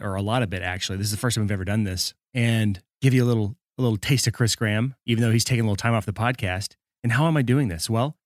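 A man's voice: medium pitch, no room sound, studio quality. A man hosting a podcast, introducing the episode in a chatty, joking and rambling way. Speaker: podcast host.

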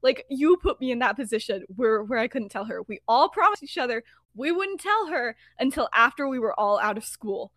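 Woman quoting exasperated teen boy, blunt complaints, higher dry voice. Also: sing-song, a little fast, a bit bright, no room sound. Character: angry teenage boy, frustrated and blunt.

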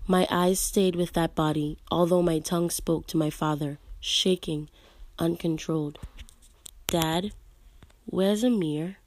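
Low-voiced woman reading a story aloud. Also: flat delivery, moderate pace. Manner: hushed, at times breathy narration. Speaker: reader and book reviewer. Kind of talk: reading a story aloud, then casual commentary.

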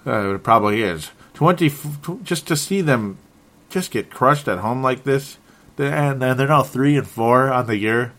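A man's voice: medium pitch, normal speed, a bit bright. A man hosting a solo sports talk show, sounding frustrated and rambling, often stumbling and correcting himself. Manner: restarts and self-corrections. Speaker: sports podcast host.

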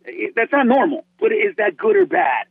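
A man from Honduras talks with lively, excitable energy, tripping over his first words as he builds up steam. His voice sits very high and gravelly. The sound is dry and squeezed down like a phone call. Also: moderate pace, dry recording. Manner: animated, excitable, repeats words when starting. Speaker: comedian guest. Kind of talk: podcast interview chat.

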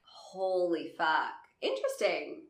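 A woman with a Southern accent co-hosting a casual true-crime podcast. She swears a lot, laughs often and talks in an animated way. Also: on the low side, slow pace, echoey room, slight background noise. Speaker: podcast co-host.

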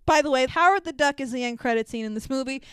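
Giggly woman with a smooth, dry voice. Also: sits high, quick pace, no room sound. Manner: giggly, animated storytelling. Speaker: podcast co-host. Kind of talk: casual movie discussion.

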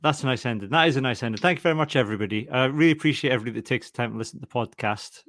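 A man's voice: mid-range voice, a bit bright, no room sound, studio quality. A man hosting a podcast in a casual, self-deprecating chat. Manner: chatty, self-deprecating, quick-talking. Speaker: podcast host.

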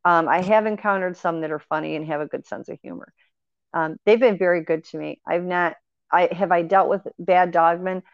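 Her voice is fairly low and smooth, with fairly even intonation and a moderate pace, as she tells of her paranormal experiences. This guest's casual storytelling is earnest and rambling, peppered with fillers and restarts, on a dry, dull lo-fi recording.

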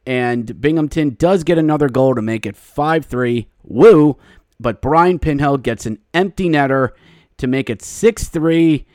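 A male podcast host recapping a hockey game, slipping into excited play-by-play calls and shouting at the goals. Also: mid-range voice, measured pace, no echo, studio quality.

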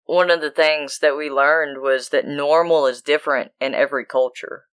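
A woman co-hosting a podcast, telling animated, profane stories in casual chat. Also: low voice, moderate pace. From United States. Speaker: podcast co-host.

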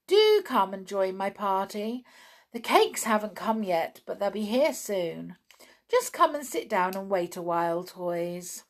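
A woman voicing a naughty, boastful girl doll in a storybook reading, with a bright, gleeful manner. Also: medium pitch, big pitch swings, measured pace. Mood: sweetly scheming.

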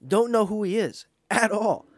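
A man hosting a podcast, ranting in a casual, profane, animated way and mocking others with put-on voices. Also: high voice, normal speed, dry recording. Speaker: podcast host. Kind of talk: casual rant.

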